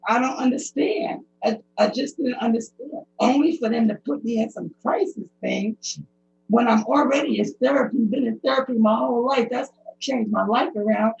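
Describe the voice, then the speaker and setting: A middle-aged woman from the United States giving emotional, pleading personal testimony as a public commenter, her speech halting. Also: fairly high pitch, vocal fry, darkish tone. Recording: dull lo-fi recording.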